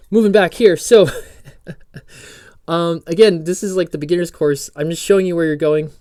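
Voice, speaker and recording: Casting: male coding instructor, mellow dry voice, rambling and jokey, reads docs aloud. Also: on the high side, no echo. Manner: rambling, self-interrupting, jokey asides while reading docs aloud. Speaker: programming course instructor. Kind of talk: casual screen-recorded tutorial.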